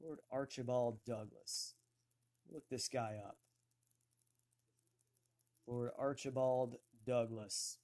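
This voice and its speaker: A man hosting a casual online talk show, slowly thinking aloud as he looks things up on a computer. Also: medium pitch, steady tone, a little mellow. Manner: slow, thinking aloud while searching. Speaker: host.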